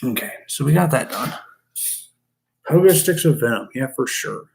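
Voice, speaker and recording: A man's voice: mid-range voice, animated, moderate pace, gravelly, a little mellow. A man who keeps reptiles, chatting casually to his live-stream viewers and to his snakes as he works. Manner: chatty, talks to the animals and chat.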